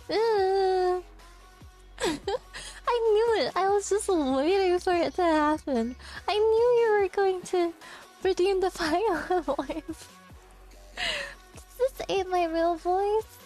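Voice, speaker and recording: A young adult woman streamer with a very high, childlike voice chats casually and giggles often as she teases back at her chat. She speaks at an unhurried pace, with faint music playing behind her. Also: a little mellow. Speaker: VTuber streamer.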